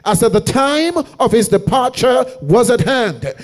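A male evangelist preaching a revival sermon in a church, calling out to the congregation again and again and building from hushed passages to shouted, half-sung peaks. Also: very high voice, lively intonation, measured pace. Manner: rhythmic preaching with repeated call-outs to the congregation; swings from hushed storytelling to shouted, sung-out climaxes.

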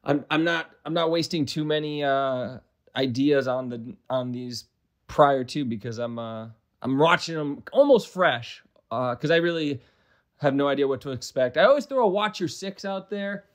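Young Midwestern man, slightly high voice, casual rambling game commentary, self-deprecating and profane. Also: moderate pace. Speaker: gaming commentator.

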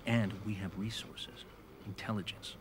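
A cool, secretive intelligence agent, played by a man, speaks with a very deep voice. He is measured and low-key and often drops to a hush. The game audio carries a clear hiss of noise behind him. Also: fairly even intonation, lightly acted. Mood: firm. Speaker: government agent. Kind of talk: video game cutscene dialogue. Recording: game audio with noisy background.

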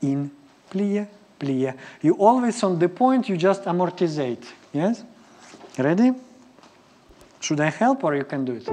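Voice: mid-range voice, sing-song, unhurried, long pauses, dark tone. A ballet teacher leading a live class, counting and scatting rhythms in choppy English. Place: ballet studio. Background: piano music.

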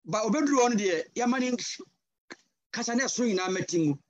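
A man with a Ghanaian accent preaching a sermon over a video call, passionate and switching between English and Twi with sudden loud cries. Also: extremely high pitch, animated, brisk, no echo, dull audio. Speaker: guest pastor.

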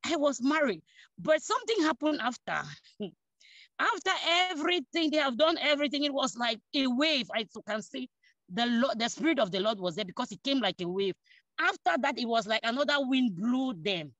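A woman from Cameroon, giving a personal testimony in church, animated and acting out the dialogue as she tells it. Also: high-pitched, moderate pace, no room sound. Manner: animated, acts out dialogue, laughs between phrases. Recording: dull dry lo-fi recording.

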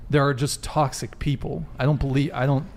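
A man with a mid-range voice in a discussion clip. He argues in a measured way, carefully qualifying his points. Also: medium pitch, flat delivery, slight background noise.

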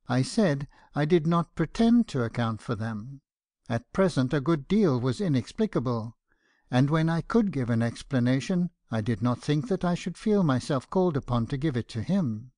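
A man narrates a first-person audiobook in a measured, earnest way. His pitch sits in the middle for a man. The recording is close and completely dry. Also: expressive, warm tone, dry recording.

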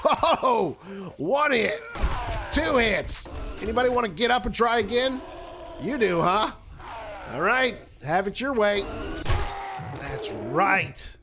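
A man's voice: high voice, slow, long pauses, music in the background. A man commentating his own survival game run, joking and talking to the enemies as he plays. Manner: jokey, talks to enemies, animated outbursts. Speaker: gaming video host. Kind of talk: let's play commentary.

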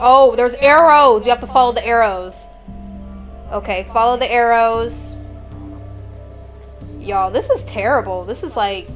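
Brief: woman gamer, slightly high voice, nervous let's-play chatter over faint game music. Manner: jittery, chatty, talks to viewers as y'all. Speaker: gamer playing a horror game.

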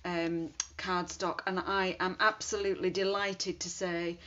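A woman's voice: fairly low pitch, flat delivery, unhurried, sharp tone. A woman chatting casually while demonstrating card making, thinking aloud as she works. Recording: dull lo-fi sound with faint hiss.

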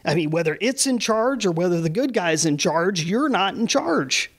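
A man with a notably high voice shares his experience with a group. His voice trembles as if he were close to tears, and he talks in an earnest, rambling way. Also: very animated, normal speed. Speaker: participant in a group discussion. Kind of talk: earnest personal testimony.

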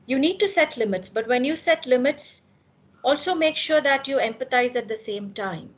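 A woman's voice: high voice, animated, normal speed. A woman giving a talk on parenting to parents at a school meeting, earnest and asking questions to answer them herself.

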